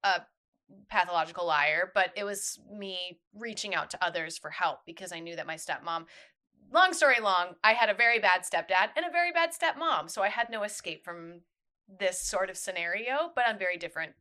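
A woman with a bright, crisp voice chats frankly as a podcast co-host, speaking candidly in an easy conversational way. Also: lowish voice, lively intonation, brisk. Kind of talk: casual chat.

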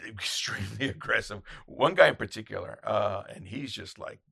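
A man who photographs red carpets, telling anecdotes in casual chat and acting out quotes in loud, high voices. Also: moderate pace, vocal fry, slightly rough, no room sound, studio quality.

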